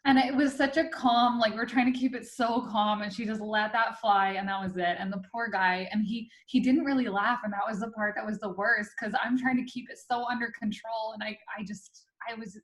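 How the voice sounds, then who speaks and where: A young woman, a real estate agent and guest, tells an anecdote in an animated, breathless way, often laughing as she talks. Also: a little high, a little fast, few pauses. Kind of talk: storytelling anecdote.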